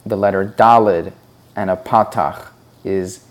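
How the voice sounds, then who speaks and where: Sounding out each syllable in turn, this man patiently teaches Hebrew reading. His low voice stays fairly even in intonation, and his unhurried delivery makes for slow, deliberate instruction.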